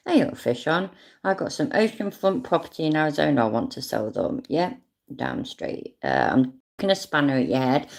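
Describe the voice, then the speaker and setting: A woman's voice: sits low, sing-song, normal speed, creaky. A British woman giving casual, rambling commentary on a clip, sarcastic and swearing freely. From not American.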